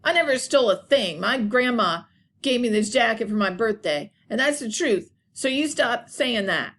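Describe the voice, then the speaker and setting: A woman's voice: fairly high pitch, expressive, moderate pace, fairly bright tone. A woman voicing an angry, defensive young boy in a read-aloud story. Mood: indignant.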